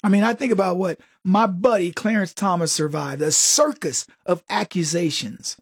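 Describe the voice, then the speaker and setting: A man's voice: high voice, moderate pace, husky, dry recording, studio quality. A man delivering a sarcastic, mocking political commentary monologue in a casual, conversational way.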